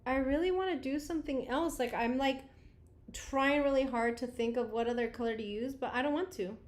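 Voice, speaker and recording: A woman's voice: high-pitched, a little fast. A woman in her thirties, a beauty vlogger chatting casually on a livestream, greeting viewers and laughing often.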